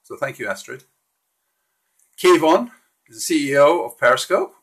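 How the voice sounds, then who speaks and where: A man's voice: a little high, big pitch swings, moderate pace, fairly bright tone, husky. A man hosting a casual live stream, walking through slides in a friendly, hesitant way with frequent restarts.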